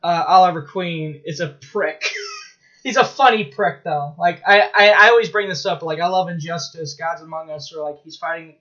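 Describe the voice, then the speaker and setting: A man in casual chat as a podcast co-host, telling stories in an excitable, rambling way with swearing and laughs. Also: a little high, normal speed, lo-fi sound.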